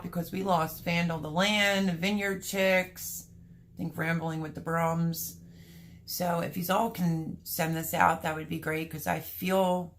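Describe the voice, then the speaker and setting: A woman's voice: lowish voice, a bit bright. Rambling, candid middle-aged Philly-woman. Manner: rambling, candid and emotional, chatting to viewers. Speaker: livestream host. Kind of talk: casual livestream chat. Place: at home. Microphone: livestream camera mic.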